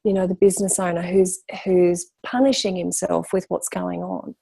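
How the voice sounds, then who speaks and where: Gravelly, warm-voiced woman coach. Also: fairly low pitch, flat delivery, moderate pace, no room sound. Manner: passionate, emphatic, repeats phrases for stress. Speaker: guest, spiritual coach. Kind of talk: candid podcast interview.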